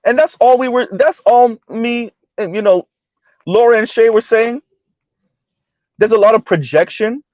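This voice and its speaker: High-voiced man giving blunt commentary. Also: measured pace, long pauses, dry recording, dull audio. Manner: blunt, rhetorical, keeps asking "right?". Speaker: live stream host. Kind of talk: casual commentary to a live chat.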